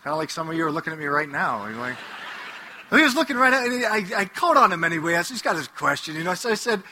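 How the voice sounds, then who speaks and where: Bright-voiced priest preaching with jokes. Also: male voice, a little high, fast talker, slight background noise. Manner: animated, joking storyteller. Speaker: Catholic priest. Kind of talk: humorous preaching to a live audience. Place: hall before an audience. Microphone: headset mic.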